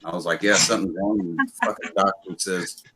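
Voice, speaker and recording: A man's voice: low voice, fairly even intonation, fairly quick, heavy background noise. A man hosting a livestream, telling rambling, profane stories in casual chat. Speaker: livestream host.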